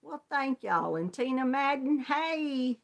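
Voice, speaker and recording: A woman with a Southern US drawl hosts a relaxed live crochet chat. She speaks slowly in a slightly high voice. She greets viewers one by one and laughs often. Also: vocal fry. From Georgia, US. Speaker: crochet channel host. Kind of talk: casual live-stream chat.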